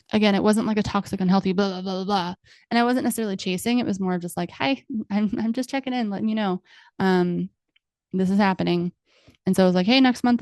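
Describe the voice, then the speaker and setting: A woman's voice: medium pitch, vocal fry, darkish tone, no room sound, studio quality. A woman in her thirties hosting a podcast, candidly telling a personal story in a chatty way with many fillers. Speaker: podcast host.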